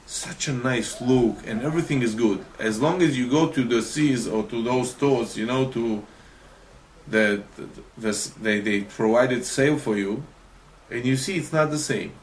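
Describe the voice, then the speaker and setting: A man's voice: medium pitch, measured pace, slight background noise. Emphatic man teaching a religious class. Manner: emphatic, often asks the listeners questions. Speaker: Torah teacher.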